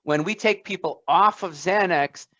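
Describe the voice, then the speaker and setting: A man's voice: sits high, a little slow, fairly bright tone, no room sound, muffled recording. A man co-hosting a podcast interview, telling stories emphatically with many fillers. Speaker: podcast co-host.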